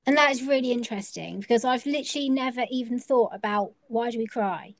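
A woman's voice: fairly high pitch, quick pace, no room sound. A woman hosting a podcast interview, chatty and reflective, thinking aloud. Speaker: podcast host.

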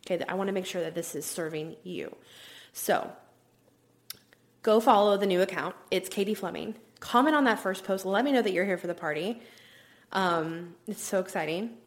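A woman hosts her own podcast solo, talking in a chatty, upbeat way at a moderate pace with a mid-range voice. She fills her speech with "like" and sometimes drops into a whisper.

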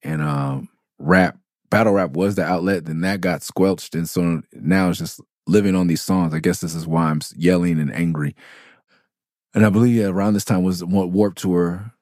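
A man's voice: sits low, moderate pace, a little mellow, no room sound, studio quality. A middle-aged man from Los Angeles hosting a podcast, telling blunt, profane stories in a rambling, candid way. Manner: raw, profane, restarts and loops back on himself. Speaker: podcast host, rapper. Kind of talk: candid storytelling monologue.

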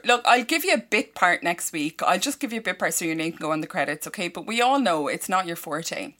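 A woman's voice: on the low side, expressive, brisk, hardly any pauses, fairly bright tone. A young woman co-hosting a podcast, reading a news story evenly and then bantering and teasing her co-host in casual chat.

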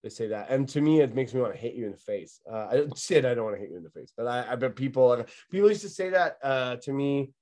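A man chats on a comedy podcast at an ordinary pitch. He rambles through anecdotes, cursing freely and laughing along the way. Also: fast talker, hardly any pauses, a little mellow. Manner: rambling, swears, laughs mid-story. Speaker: podcast host. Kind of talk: casual comedy podcast chat.

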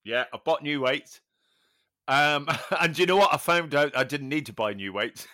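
A man's voice: on the high side, moderate pace, sharp tone. A British man co-hosting a podcast, telling anecdotes with mock-outraged banter. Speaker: podcast co-host. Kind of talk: casual comedic chat.

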